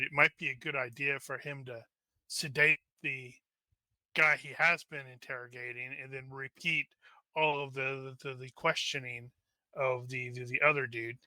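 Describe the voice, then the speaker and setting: A man's voice: mid-range voice, pushed and bright, no echo. A man playing a tabletop role-playing game, joking around and often restarting his sentences. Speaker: player. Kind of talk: casual chat at a game table.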